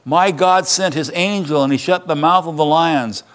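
A man voicing a calm, faithful prophet answering a king formally in a sermon retelling. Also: on the high side, moderate pace, close to an everyday voice. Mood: solemn.

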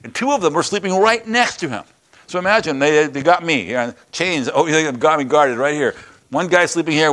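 An older man preaching a sermon, retelling a Bible story and a personal anecdote, acting out the quoted voices with chuckles. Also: on the high side. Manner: lively, acts out the scenes with quoted voices and chuckles. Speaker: pastor.

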